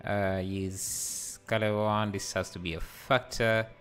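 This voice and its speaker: A man hosting a live software tutorial, hesitant and full of fillers, laughing easily as he reads the chat. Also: on the low side, little pitch movement, slow pace, soft background music. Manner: hesitant, many fillers and restarts. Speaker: livestreaming 3D tutor. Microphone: headset.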